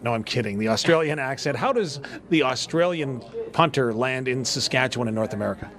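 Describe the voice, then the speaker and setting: A man from Canada hosting a sports radio show, asking questions in a lively, joking way. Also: medium pitch, fast. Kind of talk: radio interview and call-in chat.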